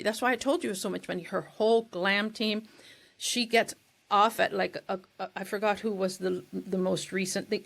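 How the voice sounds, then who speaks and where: Woman co-host, casual podcast talk, fry in the voice, rambly and loose. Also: mid-range voice, fairly bright tone. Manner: chatty, rambling, loses her words.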